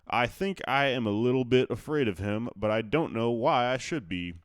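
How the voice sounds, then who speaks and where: A man's voice: mid-range voice, expressive, normal speed, clear, resonant tone, no room sound, studio quality, lightly acted. A man reading the part of a spirited, outspoken teenage girl, lifting his voice for her eager, polite replies.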